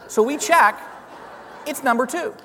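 A man giving a lively storytelling testimony as a guest speaker in a church, chuckling as he talks. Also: extremely high pitch, measured pace, some chatter behind, a little hiss or hum. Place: church sanctuary. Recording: long reverb of a large hall.

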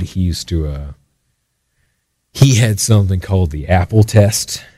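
A middle-aged man with a very low, dark voice tells a personal story in a loose, rambling way. He swears casually and keeps circling back with fillers and restarts. The sound is dry and close. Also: no echo. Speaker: artist guest on a metal radio show.

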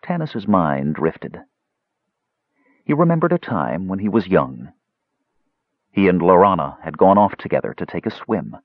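In a dull, dry close-mic audiobook recording with no room sound, a low-voiced man narrates a scripted fantasy story. He keeps a measured storytelling manner with lively intonation.

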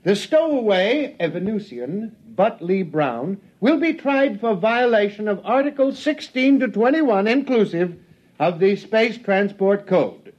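A woman playing a formal starship captain who proclaims in an official manner, with a breathy voice, in a 1950s radio drama. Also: medium pitch, lively intonation, a little slow, darkish tone. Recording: dull 1950s radio broadcast.

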